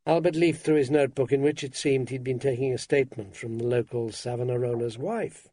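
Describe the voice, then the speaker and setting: A man's voice: medium pitch, brisk, few pauses, warm tone, breathy edge, dry recording. A man narrating an audiobook in a dry, wry first-person manner.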